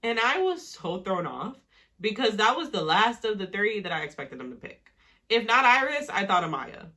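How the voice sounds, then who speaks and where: Bright-voiced woman ranting casually. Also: mid-range voice, sing-song, moderate pace. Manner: heated, profane, exasperated ranting. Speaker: reality TV recap vlogger. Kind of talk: casual reaction commentary.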